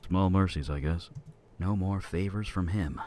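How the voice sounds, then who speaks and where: Game voiceover: a weary, deep-voiced character, soft and flat, dry delivery. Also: male voice, unhurried, slight background noise. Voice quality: soft, quiet. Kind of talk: recorded game voiceover lines.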